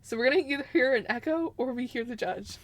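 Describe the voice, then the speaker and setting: A woman's voice: high-pitched, fast talker. A woman streamer chatting casually and giggling while she fiddles with her setup. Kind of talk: casual live-stream chat.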